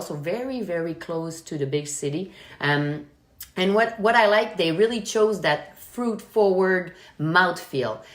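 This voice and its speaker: A Quebec French woman hosts a casual live wine tasting from home, explaining each point and checking in with "okay?". Her voice sits fairly low for a woman. The room gives her voice a noticeable echo. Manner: chatty, explaining, asks "okay?" often. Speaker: wine expert hosting a live stream.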